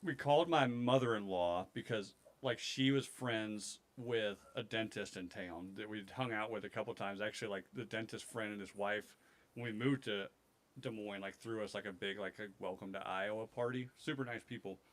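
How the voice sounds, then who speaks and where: A man's voice: lowish voice, normal speed. Casual, profane male podcast storyteller. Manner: profane, animated anecdote telling with acted quotes. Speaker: podcast co-host.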